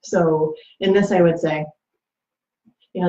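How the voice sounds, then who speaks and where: A woman giving casual advice in a low, mellow voice, chatty and loose, with lots of fillers and little acted quotes. The sound is dull and lo-fi and rings around an echoey room. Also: fairly even intonation, slow pace. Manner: chatty, many fillers, acts out quoted lines. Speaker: host.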